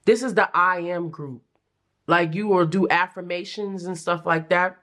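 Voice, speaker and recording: A young adult woman giving a casual pick-a-card tarot reading, chatty and animated, with playful slang and frequent laughs. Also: on the low side, a little slow. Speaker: tarot reader.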